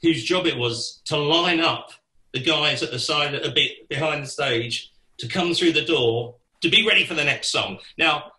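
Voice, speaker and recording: Bright, forceful man telling stories. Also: a little high, roomy sound, low-quality recording. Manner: lively, laughing storyteller with casual swearing. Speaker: guest musician. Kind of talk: anecdotal storytelling.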